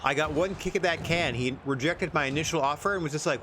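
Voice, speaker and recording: A man's voice: a little high, fast, few pauses, fairly bright tone, slight background noise. A man streaming a wrestling management game, chatting casually in a rambling, self-deprecating way. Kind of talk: casual gameplay commentary.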